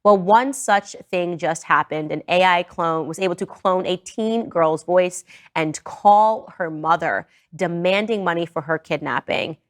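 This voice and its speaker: A woman's voice: lowish voice, unhurried, few pauses. A woman hosting a podcast, giving earnest and urgent commentary that warns her listeners. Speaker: podcast host. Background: played in a reaction video.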